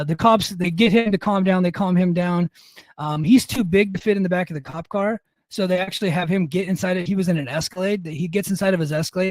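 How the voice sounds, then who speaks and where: A man's voice: high-pitched, a little mellow, no room sound. Profane, rambling middle-aged man. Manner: profane, rambling, self-mocking. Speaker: podcast co-host. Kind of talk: casual storytelling.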